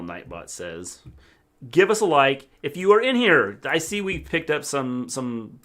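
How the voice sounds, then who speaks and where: A man's voice: fairly high pitch, sing-song, unhurried, fairly bright tone. A middle-aged man with a Midwestern accent co-hosting a livestream, speaking in dry, matter-of-fact casual chat. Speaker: co-host, father.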